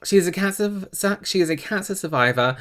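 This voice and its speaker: A male host commenting on a video in a casual, blunt voice. His pitch swoops widely as he talks, and he swears freely. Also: expressive, fairly quick, a bit bright.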